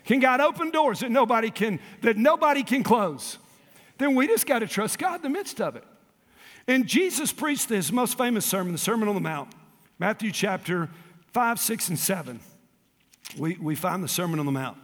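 A man pastor preaching a sermon with call and response, dropping to quiet asides and rising to shouts. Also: high voice, expressive, moderate pace, in a large hall.

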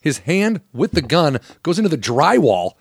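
A man's voice: on the high side, very animated, moderate pace, slightly rough, dry recording, clean studio sound. A man telling stories in casual chat, joking and profane.

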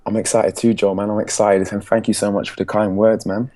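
A young English man with an English accent, a podcast guest telling his story in an animated way, laughing often and acting out what others said. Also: fairly low pitch, brisk. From England. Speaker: podcast guest, speaking coach. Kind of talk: casual storytelling.

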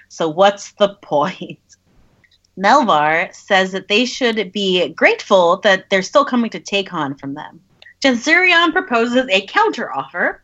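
A woman's voice: medium pitch, a bit bright, lo-fi sound. A woman on a podcast casually recapping a novel, wry and laughing between lines. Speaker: podcast host summarizing a novel.

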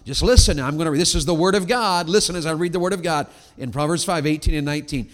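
A man preaches with a high-pitched voice. He swings from loud exclamations to hushed, drawn-out words. His voice rings with the long echo of a large hall. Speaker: Baptist preacher. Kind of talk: sermon.

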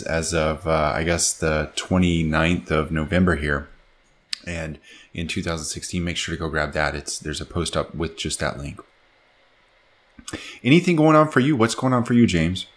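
A man co-hosting a podcast in casual chat, upbeat and chatty, laughing easily. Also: low-pitched. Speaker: podcast co-host.

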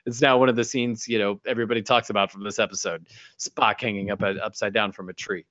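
A man co-hosting a podcast, recapping an episode in casual chat, rambling and dropping into quick impressions. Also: on the low side, little pitch movement, a bit bright. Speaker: podcast co-host. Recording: dull lo-fi audio.

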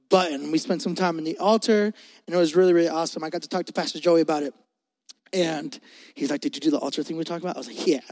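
A young man from Puerto Rico preaching a lively sermon with a high, bright voice. He is loud and playful, cracking jokes and calling out to the crowd between points. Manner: loud, joking, talks fast to the crowd. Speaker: pastor. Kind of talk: energetic youth sermon.

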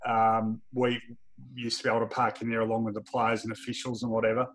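Animated Australian man telling stories. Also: on the low side, quick pace. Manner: lively anecdotal storytelling, laughs often. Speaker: guest, football journalist. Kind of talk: casual podcast chat.

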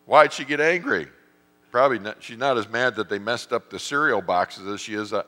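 Middle-aged male pastor, lowish bright voice, lively storytelling sermon, long church reverb. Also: fast. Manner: animated storytelling, acts out voices in stories.

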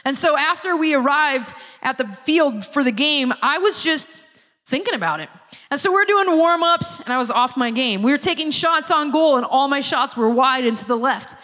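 A woman giving a sermon-style personal testimony, a lively storyteller who acts out the people she quotes. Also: high-pitched, normal speed. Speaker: speaker giving a church testimony. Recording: long reverb of a large hall.

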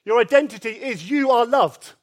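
A man preaching a sermon in church, earnest and emphatic, repeating key phrases and swinging from loud pleas to soft, quiet lines. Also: very high voice, moderate pace. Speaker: pastor. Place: church service.

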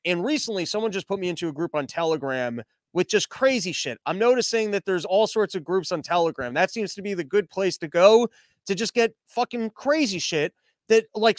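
A young man with a high, light voice talks loosely through news headlines as a podcast host. He is sarcastic and profane and breaks into mocking put-on voices. The sound is dry and close, with no room around it. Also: lively intonation, brisk, dry recording. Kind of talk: casual commentary on news headlines.

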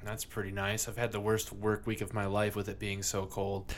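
A man's voice: on the low side, monotone, normal speed. Joking, swearing male podcast host. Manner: rambling, swears, laughs a lot. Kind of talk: casual beer-tasting chat.

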